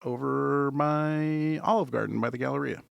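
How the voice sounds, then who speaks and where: A man co-hosts a podcast in rambling casual chat, with a wry, deadpan way of joking. His voice is mid-pitched. The recording is dry and close. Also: normal speed, gravelly, no echo, lo-fi sound. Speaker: podcast co-host.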